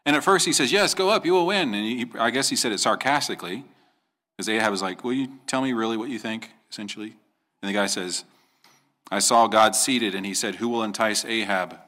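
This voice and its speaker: Male pastor, sermon delivery, bright and forceful, earnest with emphatic rhetorical questions. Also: on the low side, brisk.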